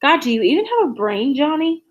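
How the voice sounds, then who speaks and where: A worried teenage girl who scolds everyone around her, anxious and bossy, voiced by a woman reading aloud. Her higher voice carries the fret of a storybook scene. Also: big pitch swings, fairly quick, muffled recording. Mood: shouting. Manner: fretful and scolding.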